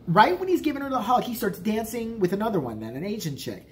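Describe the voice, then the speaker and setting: A man's voice: sits high, big pitch swings, fast talker, a little hiss or hum. A man in his forties telling a story as a vlogger, in a profane, exasperated, ranting way. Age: 40s.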